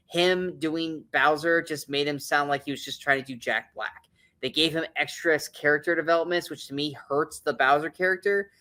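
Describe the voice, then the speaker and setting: A man's voice: mid-range voice, sharp tone. A man co-hosting a casual movie-review podcast, blunt and opinionated, swearing often and restarting his sentences as he rambles.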